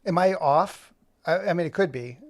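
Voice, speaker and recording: Jokey man in his forties, livestream animator, gravelly voice pitched a bit high. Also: moderate pace, no echo. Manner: joking, rambling self-talk while working. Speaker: animator streaming live. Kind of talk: casual livestream chat.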